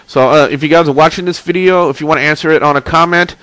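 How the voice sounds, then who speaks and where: A man's voice: fairly high pitch, fairly even intonation, fast talker, a bit bright, smooth, no echo, rough recording. A man hosting a casual wrestling and gaming webcast, congested with a stuffy nose, chatty as he plugs links and reads the chat. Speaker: host of a wrestling and video game webcast. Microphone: webcam mic.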